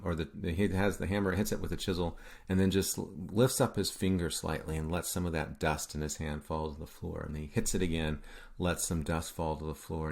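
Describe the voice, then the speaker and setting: Deep-voiced man giving a halting lecture. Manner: halting, many fillers, self-correcting, checks in with "right?". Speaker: art history lecturer. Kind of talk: recorded lecture.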